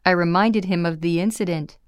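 A woman reading a first-person memoir aloud in a measured, plain storytelling manner. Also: fairly low pitch, smooth, dry recording, studio quality. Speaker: audiobook reader.

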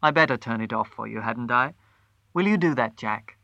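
A gentle young housewife speaks softly and pleads with quiet courtesy, voiced by a male storyteller. Her voice rises and falls with a lively, bright tone, close and dry. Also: medium pitch, normal speed, gravelly, no echo, muffled recording. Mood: pleading. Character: soft-spoken grieving young housewife.

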